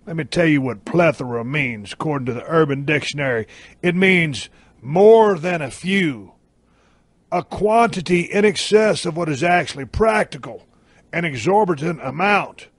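A brash man spins a profane tall tale on his podcast, leaning hard on his drawled emphasis. His voice sits fairly high for a man and sounds close and dry, with no room around it. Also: animated, moderate pace, no room sound. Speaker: podcast host. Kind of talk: profane comic storytelling. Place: camper trailer.

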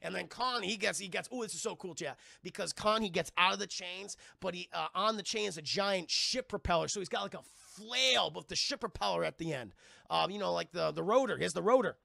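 A young man streaming a casual, excitable movie recap to his live chat, swearing often and calling out to the chat as he goes. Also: high voice, fairly quick, vocal fry, no room sound, clean studio sound.

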